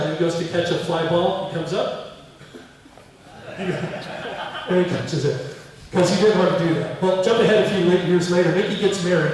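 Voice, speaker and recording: Middle-aged man telling stories in an echoey hall. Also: on the high side. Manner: animated anecdotes, acting out quoted voices. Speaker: museum speaker. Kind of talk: storytelling lecture. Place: museum hall. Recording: echoey hall, distant mic.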